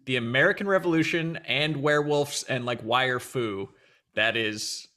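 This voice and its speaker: A man's voice: medium pitch, moderate pace, sharp tone. A man hosting a casual entertainment news chat, joking and playful as he goes. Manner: jokey, playful asides. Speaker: host.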